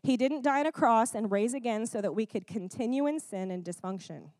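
A woman with a slightly high voice preaches a sermon in an animated, chatty way, often checking in with the congregation through quick "Amen? Okay?" asides and laughing now and then. The recording is dry, with clean studio sound.

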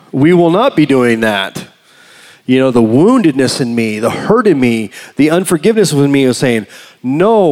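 A middle-aged man preaching a sermon as pastor, telling a personal story with emotion, swinging from loud to hushed. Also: mid-range voice. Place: church sanctuary. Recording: long hall reverb.

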